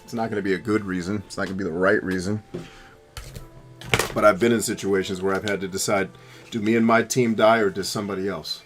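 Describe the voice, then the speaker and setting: A man talks fast over music, his lowish voice keeping a fairly even intonation. He's commentating on his own video game play, drifting into philosophical rants laced with profanity.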